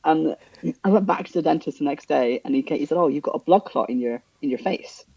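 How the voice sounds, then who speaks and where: A young Englishman tells a story to his podcast co-hosts and keeps breaking into the voices of the people in it, with sudden high jumps and laughter. His voice is mellow and a little husky. The sound is dry and dull. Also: quick pace, no echo. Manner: animated, acts out dialogue with big pitch jumps and laughter. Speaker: podcast co-host. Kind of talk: casual storytelling.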